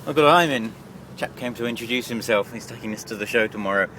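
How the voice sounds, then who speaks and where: A man vlogging outdoors and from truck cabs, excitable and laughing often in casual commentary. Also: medium pitch, fast talker. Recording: loud engine and traffic noise.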